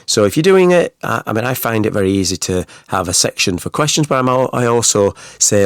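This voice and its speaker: Podcast host, man, lowish voice, casual talk full of asides, dry close sound. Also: animated, fairly quick, few pauses, no echo. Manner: chatty, rhetorical questions, many "you know"s. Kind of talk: solo advice podcast.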